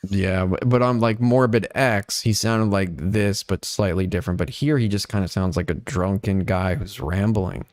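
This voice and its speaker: A man's voice: on the low side, normal speed, few pauses, darkish tone. A man, a guest on a live stream panel, chatting casually in a laid-back, rambling way with many fillers. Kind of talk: casual chat.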